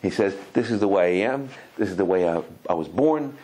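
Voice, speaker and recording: A man, a rabbi, giving a Torah lecture, telling stories animatedly, often repeating and restarting words, and acting out quotes with sudden high cries. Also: a little fast, poor audio. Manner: animated storytelling, acts out quotes with high exclamations.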